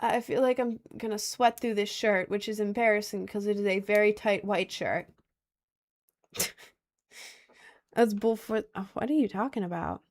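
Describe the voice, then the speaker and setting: A young adult woman chats casually on a livestream, reacting to her chat with plenty of slang and quick asides. Her voice sits at a medium pitch and sounds a little mellow.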